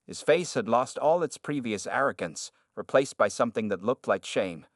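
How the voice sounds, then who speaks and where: A man narrates a scripted drama in a steady, even manner. His voice sits in a middle pitch range. The recording is close and very dry, with no room sound. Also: moderate pace, no room sound.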